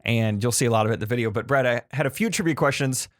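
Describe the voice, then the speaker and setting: Fast, lively podcast co-host, a man who tells stories with energy and slips into the voices of the people he quotes. He talks on a studio mic with a dry, close sound. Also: mid-range voice, no room sound. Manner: animated storyteller who acts out quotes. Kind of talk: casual chat.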